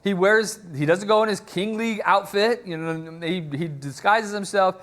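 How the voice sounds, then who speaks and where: A man's voice: high voice, a little slow, fairly bright tone. A man preaching a sermon, retelling a story in a conversational way. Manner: conversational storytelling, acts out quotes.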